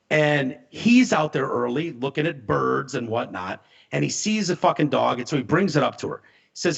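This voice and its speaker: A man co-hosting a casual podcast, retelling a story with animated delivery and acting out the voices of the people in it. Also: on the high side, normal speed, creaky, muffled recording. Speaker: podcast co-host.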